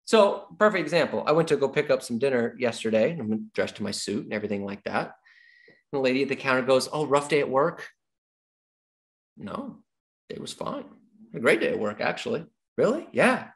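Lively, animated male sales trainer. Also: medium pitch, fast talker. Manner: animated, acts out little dialogues with clients; repeats key points like a coach. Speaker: real estate sales trainer. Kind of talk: energetic sales training talk.

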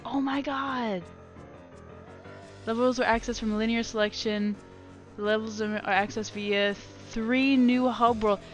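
A young woman streaming a video game at night, chatting casually with viewers, laughing often and reacting with animated excitement. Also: fairly high pitch, unhurried, soft background music. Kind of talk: casual gameplay commentary.

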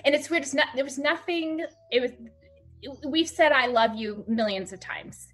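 A woman podcast guest telling a personal story in a halting way, with many fillers, close to tears. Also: sits high, expressive, a bit bright, soft background music. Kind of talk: emotional conversational storytelling.

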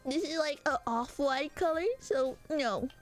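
A woman streaming live who chats casually with her viewers, animated and prone to high squealing outbursts and laughter. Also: a little slow, soft background music.

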